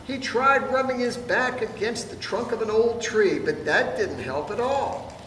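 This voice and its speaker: A man's voice: high-pitched, animated, a little slow, fairly bright tone. A man reading a picture book aloud to children in a playful way, pointing out the pictures. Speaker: storybook reader. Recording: distant, echoey hall with room noise.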